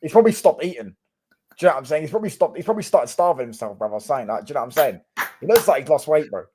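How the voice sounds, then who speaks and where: A man, chatting on a live stream about football in quick, slangy banter. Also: a little high, expressive, dark tone, breathy edge. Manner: fast, slangy, keeps asking "do you know what I'm saying". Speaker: Manchester United fan co-host.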